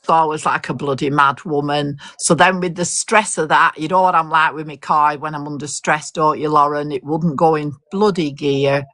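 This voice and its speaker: A woman's voice: low voice, fairly even intonation, moderate pace, hardly any pauses, a bit bright, no echo, studio quality. An older woman, telling a long story in casual chat, swearing mildly and laughing often. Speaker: host.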